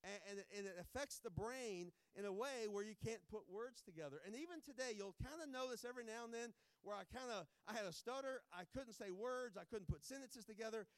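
A pastor giving informal, joking remarks before a sermon, rambling with many restarts. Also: male voice, sits high, brisk, few pauses, clear, resonant tone, dry recording.

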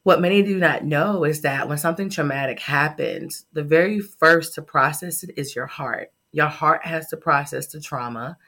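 A woman's voice: deep voice, normal speed, hardly any pauses, fairly bright tone. A middle-aged woman, a startup founder, telling a heartfelt personal story in a podcast interview.

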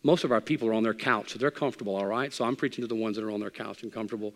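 A male pastor preaching a sermon. He moves from quiet, intimate talk to loud, impassioned preaching, telling stories in his own voice. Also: fairly low pitch, very fast, few pauses, big-room sound.

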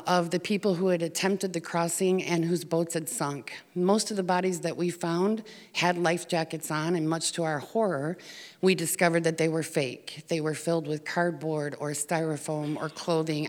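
A woman's voice: deep voice, steady tone, normal speed. American woman telling a story in a hall. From United States. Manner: earnest storytelling with fillers. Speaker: speaker telling of volunteer work. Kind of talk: personal story talk.

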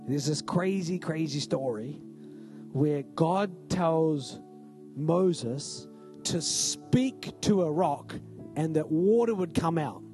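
A man's voice: fairly high pitch, mellow. A male pastor giving a conversational, emphatic sermon in a church and often asking the congregation "right?".

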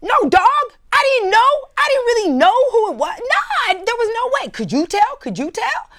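A woman voicing a brash young man boasting loudly on a cell phone. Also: very high-pitched, sing-song, moderate pace, pitched above the performer's own voice, heavily acted. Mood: protesting. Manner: loud, boastful street talk.

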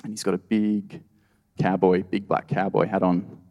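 A man's voice: deep voice, flat delivery, moderate pace, mellow. An Australian man telling a true story on stage at a live storytelling event, wry and conversational with lots of "you know". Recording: reverberant live hall.

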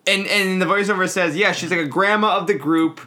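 Bright-voiced woman with dry quips. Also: lowish voice, brisk. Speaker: podcast co-host. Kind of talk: casual chat.

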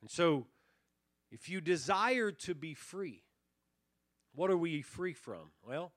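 A man's voice: on the high side, animated, slow, fairly bright tone, no echo, studio quality. A male pastor preaching a sermon to his congregation in a loose, conversational way, with fillers and restarts, building intensity as he retells a story. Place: church sanctuary.

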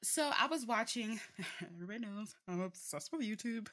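A young woman co-hosting a casual podcast chat, telling stories in an animated way, full of fillers, restarts and laughter. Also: mid-range voice, normal speed. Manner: chatty, animated storytelling with frequent laughs. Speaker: podcast co-host.

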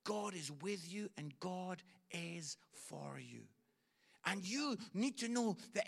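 Gravelly man preaching with big swings. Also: high voice, expressive, slow. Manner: swings from hushed tender lines to shouted bursts. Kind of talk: sermon storytelling.

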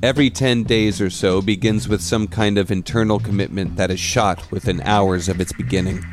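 A man hosting a podcast, reading a scripted narration in a measured, reflective way. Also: on the low side, fairly even intonation, over music. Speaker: podcast host.

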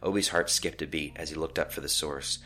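A man narrating a scripted story in a calm, measured way. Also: rumbling low.

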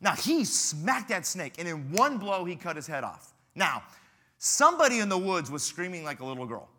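Man preaching, animated storytelling, lively swooping pitch, very bright edge. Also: moderate pace. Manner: animated storytelling, playful, dramatic. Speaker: pastor. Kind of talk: sermon at a youth rally.

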